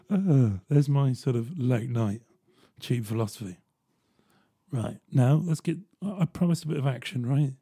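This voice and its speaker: A young man telling a personal story in a casual, animated way, swearing freely. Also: medium pitch, slightly rough, no echo, studio quality. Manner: animated, swearing, chuckling asides.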